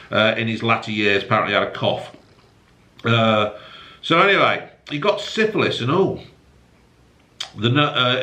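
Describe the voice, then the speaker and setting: A man's voice: lowish voice, bright, forceful tone. Sweary man reading the papers. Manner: swears heavily, mocking asides. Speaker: newspaper review host. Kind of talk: casual solo newspaper review with rants.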